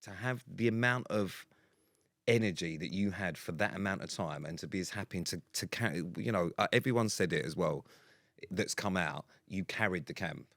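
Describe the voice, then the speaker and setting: A man with a lowish voice talks on a podcast in a casual, earnest way. He sounds supportive and swears bluntly. The recording is close and dry, with no room echo. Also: normal speed, a bit bright. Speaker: podcast co-host. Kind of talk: casual chat. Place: podcast studio.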